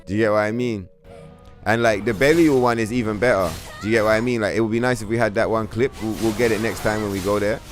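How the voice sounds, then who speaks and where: A man's voice: fairly low pitch, fast, faint music behind. A man streaming a video game live, commenting on the action as he plays, swearing freely and trash-talking the enemy on screen. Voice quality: profane, trash-talking, excitable.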